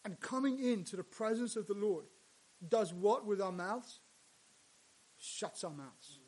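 A male pastor preaching a sermon, dropping to hushed lines and rising to loud, emphatic ones. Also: high-pitched, lively intonation, a little slow, breathy edge.

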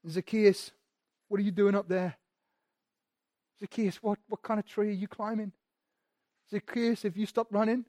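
A man preaching, voicing a gentle male teacher who softly coaxes someone to come down. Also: sits high, level tone, normal speed, long pauses, no room sound, studio quality, natural voice. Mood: coaxing. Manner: soft, coaxing, hushed.

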